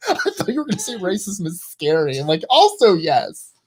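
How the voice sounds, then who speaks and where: Male co-host, blunt and outspoken, lively swinging pitch, reads chat aloud. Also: normal speed, slight background noise. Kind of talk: live-stream call-in chat.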